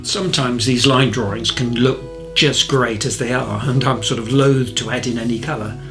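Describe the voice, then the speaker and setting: Southern english guy narrating his painting tutorial, rambly and friendly, quiet music under it. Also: mid-range voice, steady tone, normal speed. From North Kent, England. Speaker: art instructor. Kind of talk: chatty painting tutorial voice-over.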